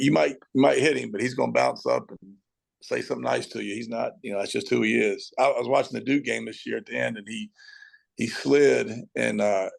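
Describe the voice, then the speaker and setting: A middle-aged man with a strongly gravelly voice, speaking as a high school football coach on an interview show. He tells stories with animation and acts out scenes. His pitch sits in the middle range. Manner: animated storyteller, acts out shouting at the TV. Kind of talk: podcast interview guest.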